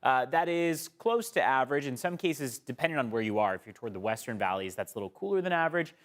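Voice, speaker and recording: A man's voice: medium pitch, animated, fast talker. A male TV meteorologist with an American accent, explaining the forecast in a conversational way. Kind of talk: weather forecast.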